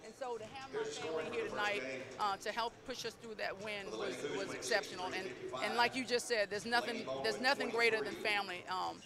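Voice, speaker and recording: A woman's voice: mid-range voice, fairly even intonation, brisk, over a noisy crowd. A middle-aged woman, a basketball coach, talking effusively and proudly in a postgame interview, often repeating herself. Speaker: women's basketball head coach.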